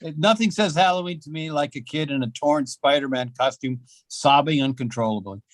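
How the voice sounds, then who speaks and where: An older man doing a self-mocking stand-up set at an open mic, with deadpan delivery and halting fillers. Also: fairly high pitch, no echo. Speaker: stand-up comedian. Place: small comedy club.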